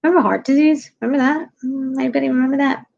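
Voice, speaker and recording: A tired woman comedian with a low voice, ranting bluntly and sarcastically to her viewers in a casual chat. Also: fairly even intonation, rapid-fire, darkish tone, highs cut off. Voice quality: low, husky. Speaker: comedian live-streaming.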